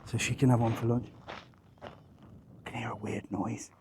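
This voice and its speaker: A man's voice: medium pitch, flat delivery, normal speed, noisy background. Rambling, jokey man outdoors. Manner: rambling, jokey, swears casually. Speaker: travel vlogger. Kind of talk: live walking vlog chat. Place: outdoors, walking up a hill.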